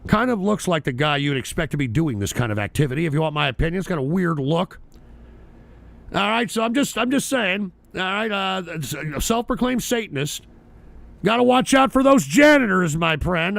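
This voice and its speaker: Male stream host, brash and profane, high lively voice, gravelly edge, dry close mic. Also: normal speed, dry recording. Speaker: political talk show host. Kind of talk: live-stream news commentary.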